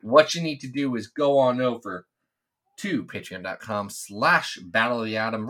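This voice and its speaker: A man's voice: medium pitch, moderate pace, sharp tone. A man in his thirties, co-hosting a podcast in casual chat, joking and ranting, sometimes trailing off into mumbles. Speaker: podcast co-host.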